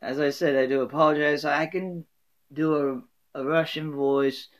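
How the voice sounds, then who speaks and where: A man's voice: on the high side, fairly even intonation, normal speed. Rambling man musing on his own. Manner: rambling, many fillers and restarts. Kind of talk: casual solo talk.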